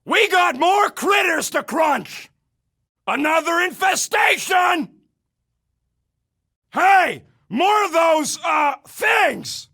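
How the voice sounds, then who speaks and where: An actor playing a gruff, wisecracking male raccoon gunner in a video game, yelling brash, sarcastic combat callouts. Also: very high-pitched, sing-song, drawn-out words, long pauses, exaggerated voice. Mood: cocky banter.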